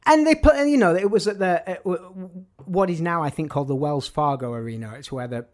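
A man's voice: on the high side, animated, a little fast. A man, a music journalist telling anecdotes in an interview, with a dry, wry humour.

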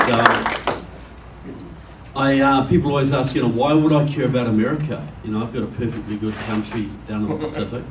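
A man's voice: mid-range voice, brisk, heavy background noise. A man from New Zealand with a New Zealand accent giving a public speech to a live audience, telling stories and jokes in a conversational way. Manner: conversational storyteller, jokes with the crowd. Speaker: guest speaker. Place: meeting room with an audience. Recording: echoey room, distant mic.

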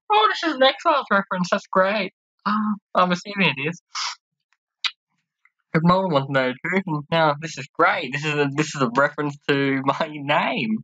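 A woman's voice: deep voice, unhurried, long pauses, bright, forceful tone, no echo. A woman giving casual commentary while playing a game, chatty and giggly, reading character lines aloud and trying out playful voices. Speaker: let's-play host. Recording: slightly dull lo-fi sound.

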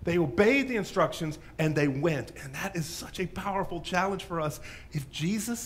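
Animated male pastor preaching. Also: high voice, normal speed, slight background noise. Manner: animated storyteller, dropping to hushes. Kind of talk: sermon. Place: church.

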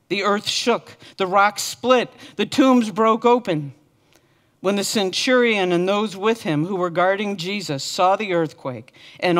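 A woman pastor preaching a sermon with earnest, impassioned repetition. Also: lowish voice. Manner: earnest, impassioned repeated lament.

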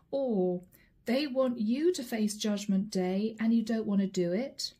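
A woman's voice: fairly high pitch, mellow, husky. A woman giving a tarot reading, addressing the viewer directly with probing, repeated questions. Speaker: tarot reader.

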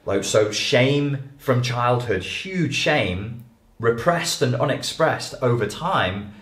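A man giving an animated, emphatic lecture to an audience as a life coach. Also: mid-range voice, slow. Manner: animated, emphatic, acts out quoted voices. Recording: echoey room.

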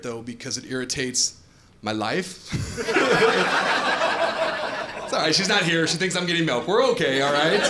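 Animated man doing stand-up in a club. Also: on the high side. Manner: animated storyteller with playful asides to the crowd. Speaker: stand-up comedian. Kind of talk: stand-up comedy set. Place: comedy club stage before a live audience. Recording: echoey club with clear audience noise.

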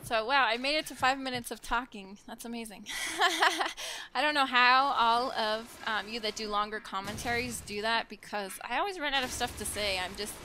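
Bright, soft-spoken young woman gamer. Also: fairly high pitch, moderate pace, a little hiss or hum, poor audio. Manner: soft-spoken, hesitant, many ums and giggles. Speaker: gameplay commentator. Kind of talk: casual gameplay commentary. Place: at home with her children nearby.

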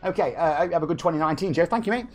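With faint music behind him, a game streamer in his 40s from England jokes around with his audience and reads out viewer messages. His voice is a little high and a little mellow, and he talks at a racing pace.

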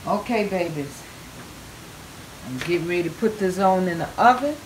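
With a fairly low, expressive voice at a moderate pace, the vlogger runs a chatty cooking demo. She stretches her "oh yeah"s, calls her audience babies, and the kitchen recording carries plenty of background noise.

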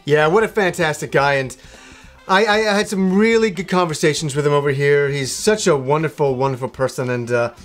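A man chats to camera from a room in his home. His voice sits a little high, and he rambles with plenty of fillers and restarts. Faint music plays underneath. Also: a little fast. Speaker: video game vlogger. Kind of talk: casual chat to camera.

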